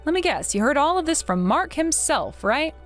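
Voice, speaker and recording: A tired grown daughter, voiced by a woman, speaks bluntly and coldly, her pitch moving a lot. She sounds firm and done with her family's demands. Faint music plays underneath. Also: big pitch swings, moderate pace. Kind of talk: text-story voice acting.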